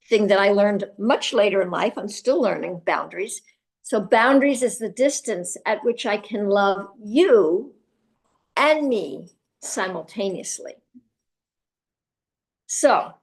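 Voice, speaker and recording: Woman, class speaker, gentle and reflective, pausing often, temple class. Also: medium pitch. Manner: gentle, reflective, pauses with fillers. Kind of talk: spiritual class talk with Q&A.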